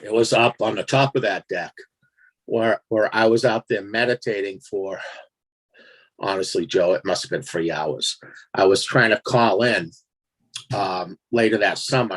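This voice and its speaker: In a casual interview, a guest storyteller with a fairly low voice recounts a strange personal experience at an unhurried pace. He's animated and laughs as he acts out his own reactions.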